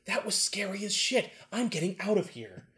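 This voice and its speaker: A dim, cowardly young antihero, as a man plays him while retelling a comic. He mumbles sheepishly but swings into loud bluster, with lively pitch. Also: normal speed, full character voice.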